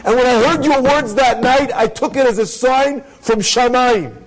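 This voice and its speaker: An earnest young woman pours out her frustration in a pleading, insistent voice that climbs high, as a man puts her on while telling a story. The delivery is emphatic, with each point pressed harder than the last. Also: normal speed, poor audio.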